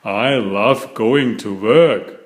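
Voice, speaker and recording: A man's voice: on the low side, extremely slow, echoey room. Peppa, eager little piglet girl, read by a man. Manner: eager, childlike storybook voice. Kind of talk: children's story read aloud.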